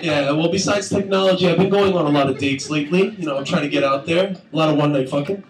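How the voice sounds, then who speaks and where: A man's voice: on the high side, fast, few pauses. A young man doing a crude, rambling stand-up comedy set on a club stage, laughing at his own jokes. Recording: echoey room from far, crowd noise.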